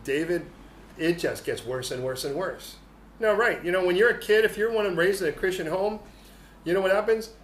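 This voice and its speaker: A male pastor giving a humorous, animated sermon in a church hall. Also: high-pitched, normal speed. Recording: echoey hall, faint noise.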